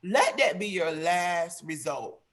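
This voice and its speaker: A woman's voice: on the low side, animated, slow. Emphatic woman giving blunt advice. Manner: emphatic, preachy, plain-spoken. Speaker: panelist. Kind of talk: earnest advice in an online panel.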